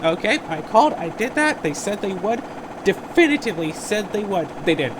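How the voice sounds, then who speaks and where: A woman's voice: medium pitch, sing-song, moderate pace, background noise. A young woman hosting a game playthrough, rambling and venting in a frustrated, sarcastic way as she plays. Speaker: let's play host. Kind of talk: casual commentary while gaming.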